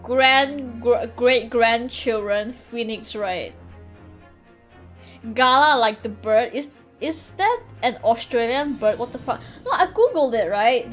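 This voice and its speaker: A young woman streams a courtroom video game, chatting loosely, giggling and dropping swears as she rambles and corrects herself. Her voice sits high, and faint music plays behind her. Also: a little slow. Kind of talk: casual livestream commentary.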